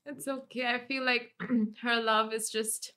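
Young woman co-host, high bright voice, playful. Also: little pitch movement, unhurried, slight background noise. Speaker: podcast co-host. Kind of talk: casual morning show chat.

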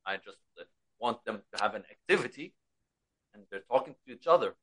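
A man from Egypt with an Egyptian accent hosting a relaxed conversation, often restarting and repeating words as he talks. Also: fairly low pitch. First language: Arabic. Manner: halting, repeats words and stacks fillers. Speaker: podcast host and trainer. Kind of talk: casual conversation.

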